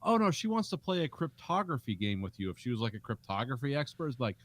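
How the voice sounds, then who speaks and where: A man's voice: medium pitch, sing-song, fast. A man co-hosting a podcast in casual chat, riffing sarcastically and acting out mock quotes. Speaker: podcast co-host. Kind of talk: casual film discussion.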